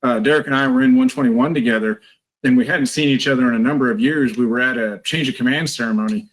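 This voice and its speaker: A man's voice: medium pitch, fast, low-quality recording. A man being interviewed, telling a story in a chatty, anecdotal way. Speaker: guest, retired Marine.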